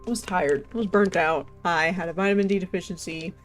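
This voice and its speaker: A woman's voice: on the low side, fairly quick. A young woman livestreamer chatting casually and rambling, filling her talk with "like" and "um" and laughing often. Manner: rambling, chatty, heavy use of "like" and "um"; laughs often between sentences. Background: faint game music.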